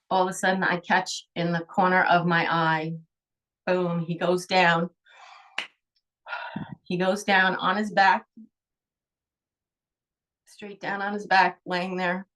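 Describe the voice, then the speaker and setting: A woman's voice: on the low side, fairly bright tone, distant mic. A middle-aged woman, a holistic healer, telling a personal story in an emotional, rambling way, with sighs.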